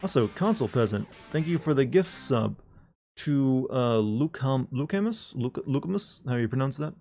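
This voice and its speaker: Male streamer, mid-pitch, casual rambling banter with dark jokes. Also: lively intonation, normal speed, soft background music. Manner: joking, rambling, talks to chat. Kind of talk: casual live-stream chat.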